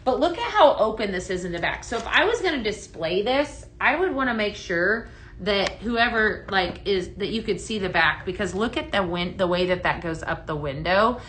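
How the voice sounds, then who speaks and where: Bright-voiced woman gushing on a live sales stream. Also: medium pitch, lively intonation, normal speed, slight background noise. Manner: gushing, chatty, many fillers, reads viewer comments aloud. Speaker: live shopping show host. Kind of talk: live product demo chat.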